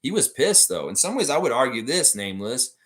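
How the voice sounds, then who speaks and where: Male fan-show host, mid-pitched, very lively intonation, heated casual rant to live viewers. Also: a little fast. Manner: animated, ranting, profane, talks straight to viewers. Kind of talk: livestream chat reading viewer comments.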